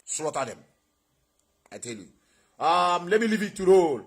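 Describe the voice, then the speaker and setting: A man's voice: high voice, very animated, normal speed, breathy edge. A man with a Nigerian accent hosting an impassioned livestream, preaching and asking his viewers rhetorical questions. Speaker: online show host.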